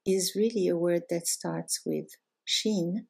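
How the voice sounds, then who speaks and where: A woman's voice: lowish voice, slow pace, vocal fry, darkish tone, husky. A woman teaching a recorded language lesson, explaining step by step in a patient way and drawing out example words. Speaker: Arabic teacher.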